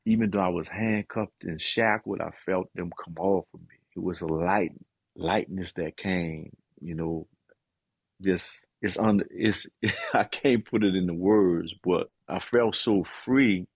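A middle-aged man, a guest and author, giving an earnest and emotional personal testimony, often pausing with "man" and hesitating as he talks. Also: low voice, vocal fry, husky, no room sound.

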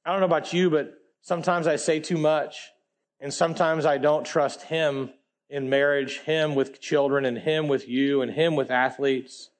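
A man preaching a sermon in a casual, animated way, full of slang, swinging between loud emphatic bursts and quiet low asides. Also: moderate pace.

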